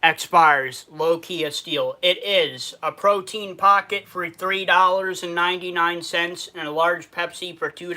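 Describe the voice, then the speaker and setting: A man's voice: fairly high pitch, sharp tone. A man from Western New York with a New York accent, hosting a casual food review livestream, reading viewer comments aloud and answering them, sad underneath.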